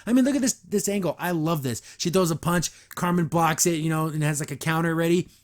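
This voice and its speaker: Speaking a little fast in a slightly high voice, a young podcast host goes over a cartoon episode and shares his reactions. The delivery is loose and excited, wandering, with many restarts and bursts of laughter.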